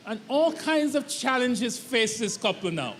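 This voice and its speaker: Male pastor with a very high voice, emphatic preaching, long hall reverb. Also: very animated, a little slow, fairly bright tone. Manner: emphatic, repetitive preaching cadence. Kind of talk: sermon. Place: church sanctuary.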